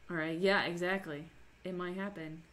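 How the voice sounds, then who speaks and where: A woman's voice: on the low side, steady tone, moderate pace, a bit bright. A woman from Minnesota chatting casually on a crafting livestream, reading chat aloud and laughing often. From Minnesota, USA. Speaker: livestream host.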